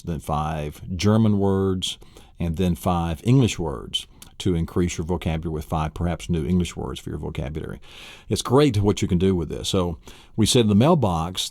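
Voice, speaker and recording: Enthusiastic low-voiced male teacher. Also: a little mellow, dry recording, clean studio sound. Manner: enthusiastic, laughs often, teacherly. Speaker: memory course instructor. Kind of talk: recorded audio lesson.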